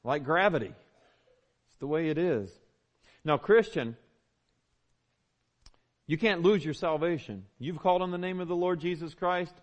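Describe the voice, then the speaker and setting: A man's voice: fairly high pitch, a little slow, pauses often, lo-fi sound. A man, preaching a sermon as a pastor, conversational and emphatic with repeated phrases. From Southern United States. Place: church.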